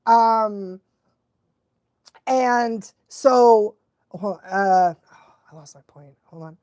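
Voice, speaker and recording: A young woman, a dog trainer, chatting casually on a live stream, excitable and animated, laughing often and sometimes losing her thread. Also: mid-range voice, extremely slow, dry recording. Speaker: dog trainer hosting a live watch-along.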